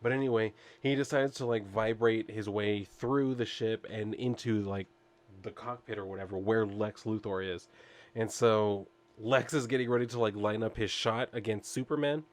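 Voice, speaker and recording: A man's voice: on the low side, steady tone, normal speed. Rambling casual man recapping comics. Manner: rambling, full of "like" and "I guess", chuckles often. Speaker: comic book reviewer.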